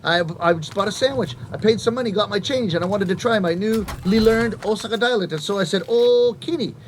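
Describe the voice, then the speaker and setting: High-voiced man telling comic stories. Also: quick pace, slight background noise. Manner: animated, acts out voices and punchlines. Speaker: rakugo comedian. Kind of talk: stand-up storytelling to a live audience.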